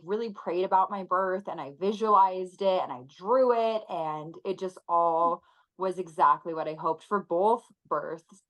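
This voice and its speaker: A woman in her thirties talking earnestly and emotionally as a podcast guest, with many pauses and fillers. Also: on the low side, a bit bright, rough recording. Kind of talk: casual interview chat.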